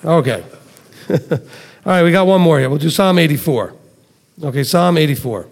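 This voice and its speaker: A man preaching a sermon, teaching conversationally, reading scripture aloud slowly, and asking his listeners questions. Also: a little high, animated, gravelly, long reverb tail.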